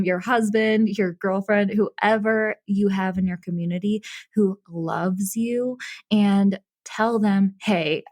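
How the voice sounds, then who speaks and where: A woman's voice: medium pitch, no echo, studio quality. A young woman hosting a solo podcast, talking in a casual, candid way and laughing often. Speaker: podcast host and business coach.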